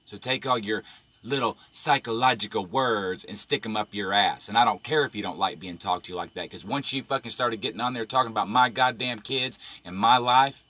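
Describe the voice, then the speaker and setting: A man's voice: on the low side, sharp tone. Furious, foul-mouthed man ranting. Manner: profane, confrontational, heated. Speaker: live-stream vlogger. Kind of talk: angry live-video rant.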